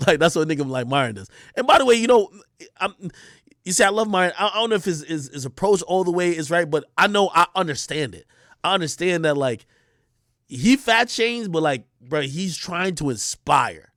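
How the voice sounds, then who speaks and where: High-voiced male streamer, slangy and profane, repetitive, dry close sound. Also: a little fast, no room sound. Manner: animated, profane, slangy, repeats himself. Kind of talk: casual livestream rant.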